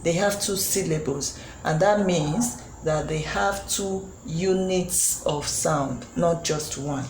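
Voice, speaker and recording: Woman teacher, low voice, slow and patient, echoey room, faint hiss. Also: a little mellow. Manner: patient, repeats words slowly. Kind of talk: children's phonics lesson.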